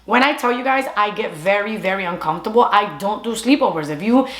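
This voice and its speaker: A young woman tells a story in a casual, animated vlog style, sliding between English and Spanish as she talks. Her voice sits at a middle pitch. The sound carries the echo of a bare room. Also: fairly quick. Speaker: storyteller vlogger. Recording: echoey room.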